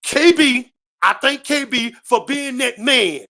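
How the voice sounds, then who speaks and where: A man's voice: very high voice, expressive, slow. A man speaking as a guest on a live-stream panel, delivering an impassioned, profane political rant full of repetition and swearing. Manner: shouting, preachy, repetitive, heavy swearing.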